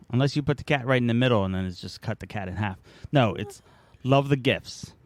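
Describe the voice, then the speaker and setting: A man's voice: mid-range voice, animated, moderate pace, no echo. A man co-hosting a podcast in casual, joking chat, rambling and playful. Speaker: podcast co-host.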